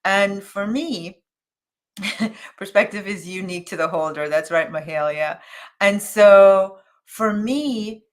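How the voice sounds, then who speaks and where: A woman coach on a live morning show, telling a story in a casual, thinking-aloud way with fillers and restarts, and jumping into a high, animated voice when she quotes others. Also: takes it slowly. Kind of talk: live motivational talk.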